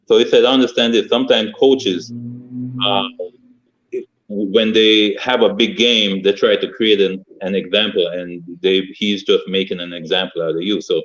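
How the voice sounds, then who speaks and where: A former football player, a man, telling a story in casual podcast chat and acting out a yelling coach. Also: lowish voice, moderate pace, highs cut off. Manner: animated storyteller, acts out his coach's yelling.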